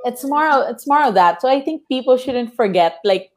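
A woman from the Philippines in a casual panel discussion, talking animatedly and acting out quotes in lively voices. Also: high-pitched, moderate pace.

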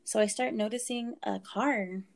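A woman in her twenties telling a story in casual talk, animated, saying "like" a lot and swearing freely. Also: on the high side, moderate pace, creaky.

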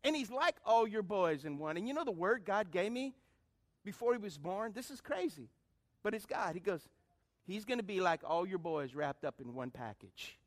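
A middle-aged pastor preaches a sermon, calling out to the congregation and alternating loud appeals with hushed lines. His voice sits high, with lively intonation and a moderate pace.

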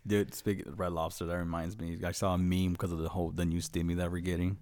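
A man's voice: low-pitched, level tone, quick pace, a little mellow. A young man hosting a casual chat, joking and swearing and laughing easily.

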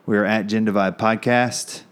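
A man's voice: on the low side, steady tone, moderate pace, smooth. A middle-aged man hosting a casual podcast chat, laid-back, joking dryly and laughing often. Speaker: podcast host.

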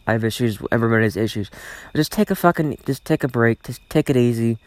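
A man's voice: mid-range voice, fast, darkish tone, no echo. Guy ranting on his own podcast, swears a lot, keeps repeating himself, dry close mic. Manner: rambling, repetitive, swears often. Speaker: podcast host. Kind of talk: solo podcast rant.

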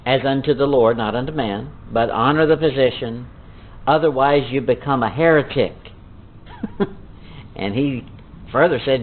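A man preaching a Bible-teaching sermon, reading scripture slowly and dramatically, then explaining it in folksy asides. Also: medium pitch. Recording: tinny phone-like sound.

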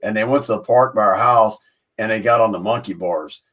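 A man who co-hosts a podcast and coaches, a father who tells relaxed stories about his sons. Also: fairly low pitch, fairly quick. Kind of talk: casual podcast chat.

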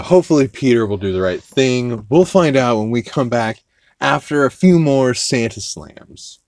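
A man's voice: on the low side, darkish tone, no echo. A man hosting a podcast, casually recapping an episode in a rambling, profane way with many fillers and restarts. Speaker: podcast host.

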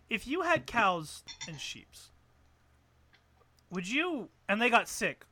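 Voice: medium pitch, very animated, slow pace, pushed and bright, a little hiss or hum. A speaker ranting about a video game in casual, sarcastic talk, often swearing and restarting sentences. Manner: exasperated, sarcastic and profane; rambling with frequent restarts.

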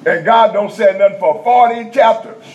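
A man preaching a teaching sermon in a conversational style, checking in with the congregation and repeating key points slowly in vernacular speech. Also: high voice, darkish tone. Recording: dull lo-fi sound with faint background noise.

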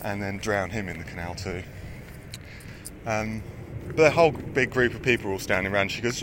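A man's voice: fairly low pitch, a little fast, pauses often, background noise. A man telling rambling, sweary anecdotes in casual chat, often laughing as he goes.

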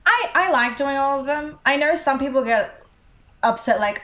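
A woman's voice: high-pitched, normal speed. A young Australian woman, an actor, chatting casually with lots of fillers. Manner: chatty, filler-heavy, animated. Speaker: actor, guest. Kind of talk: casual chat. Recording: roomy echo.

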